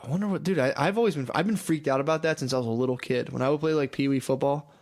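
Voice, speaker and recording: A man's voice: medium pitch, racing, darkish tone. A man co-hosting a casual comedy podcast, laid-back and profane, saying "dude" all the time. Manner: laid-back, swears a lot, says "dude" constantly. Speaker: podcast co-host.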